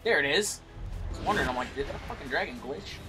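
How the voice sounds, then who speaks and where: A young man commenting on his own gameplay, frustrated, swearing a lot and yelling at enemies. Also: on the high side, animated, fast talker, music in the background.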